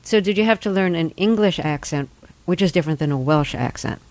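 An interviewer asking measured questions and reading a clear setup for a scene. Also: medium pitch, no echo. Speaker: interviewer host.

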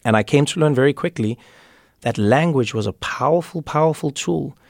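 A man's voice: medium pitch, moderate pace, vocal fry, darkish tone, no room sound, studio quality. A man from Africa, a comedian and author talking reflectively in an interview and often repeating words as he thinks. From South Africa. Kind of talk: conversational interview.

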